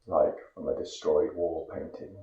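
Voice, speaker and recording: A man from Great Britain giving a dramatic poetry recitation, intense, moving between hushed whispers and loud cries. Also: very deep voice, level tone, a little slow. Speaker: poetry reader. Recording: echoey, dull lo-fi recording.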